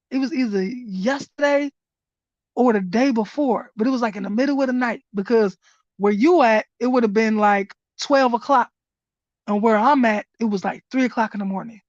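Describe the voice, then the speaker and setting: A woman hosting a live card-reading stream, calling listeners honey and baby, bursting into loud exclamations and then reading slowly and softly. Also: on the high side, no room sound. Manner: animated, exclaims loudly then reads slowly in a hushed voice. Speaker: spiritual reader hosting a livestream. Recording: dull lo-fi livestream audio.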